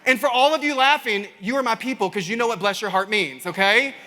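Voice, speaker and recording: A man with a Kentucky Southern accent giving an animated keynote talk, telling stories to a crowd and calling them y'all. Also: high voice, fairly quick. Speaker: keynote speaker. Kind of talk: energetic keynote storytelling. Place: large conference stage. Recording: reverberant conference hall.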